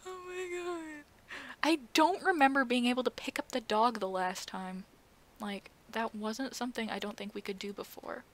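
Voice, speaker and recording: A woman giggling and chatting excitedly to herself while playing in virtual reality, sometimes sinking to a whisper. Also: a little high, moderate pace. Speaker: VRChat streamer. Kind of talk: casual vlog commentary. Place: playing in a VR social app at home.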